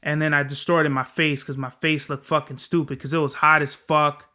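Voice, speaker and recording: A man's voice: on the high side, level tone, moderate pace, pushed and bright. A young man hosting a solo podcast, talking in a profane, rambling, slangy way. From Southern California. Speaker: podcast host. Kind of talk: casual solo podcast monologue.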